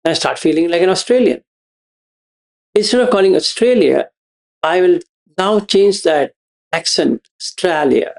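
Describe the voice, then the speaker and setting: A man, explaining a meditation teaching to students in a slow, repeating, questioning way. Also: high-pitched, creaky. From India. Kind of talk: dharma talk to students.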